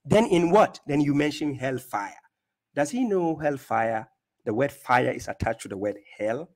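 A Ghanaian man speaks at a medium pitch, expressive and unhurried, hosting a mocking rebuttal to a clip he plays. Scornful and taunting, he laughs at the speaker in it.

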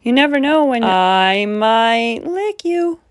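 A woman's voice: on the high side, animated, takes it slowly, no echo, studio quality. A woman voicing a big, goofy male monster who slurps and slobbers and turns whiny. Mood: slobbering.

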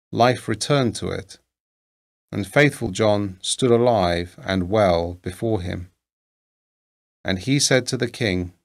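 A man reading an old fairy tale aloud in a measured, deliberate storytelling manner. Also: on the low side. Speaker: narrator.

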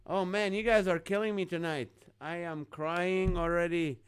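A man's voice: high voice, fairly even intonation, moderate pace, clean tone, no echo. A man hosting a live comedy stream, chatting casually, reading viewer comments and chuckling often at the wordplay. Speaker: host of a live comedy show.

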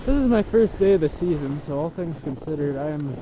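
A man filming himself skiing a steep slope, chatting in a casual, self-mocking, excitable way. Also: on the high side, a little fast, noisy background. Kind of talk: casual self-filmed commentary. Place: outdoors on a steep ski slope.

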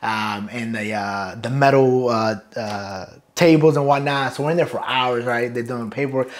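A man's voice: medium pitch, fairly even intonation, moderate pace. A man, a Marine sergeant major telling loose, profane stories from boot camp in a casual interview, often laughing. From Brooklyn, New York.

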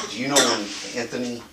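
A male detective calmly asking clarifying questions in an interrogation room, recorded from a distance. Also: mid-range voice. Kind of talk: questioning a suspect. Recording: roomy, distant, with noise.

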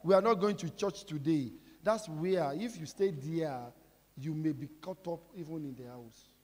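High-voiced preaching pastor in a hall. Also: male voice, a little slow. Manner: preaching with call-and-response questions and sudden shouts. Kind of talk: sermon. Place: large church hall. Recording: reverberant hall with music behind.

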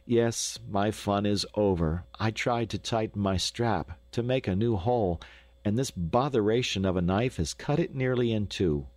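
A man voicing a courteous, well-bred teenage boy racer in an audiobook, speaking warmly and in a hurry. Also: on the low side, normal speed, no room sound, natural voice. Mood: dismayed. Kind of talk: audiobook character voice.

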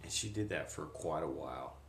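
A middle-aged man giving a reflective personal testimony, speaking haltingly with pauses, recorded on a camcorder in an echoey room. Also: a bass voice, animated, slight background noise. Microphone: handheld camcorder.

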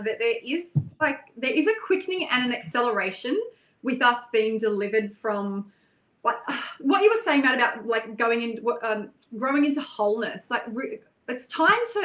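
Woman, kinda high voice, earnest, echoey room. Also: fairly bright tone. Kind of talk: casual chat.

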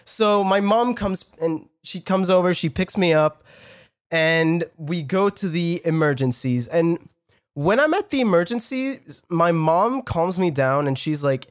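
A man's voice: high voice, animated, a little slow, dry recording, studio quality. A young man on a podcast, telling a personal story in casual chat, rambling with many fillers, restarts and swearing. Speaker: podcast co-host.

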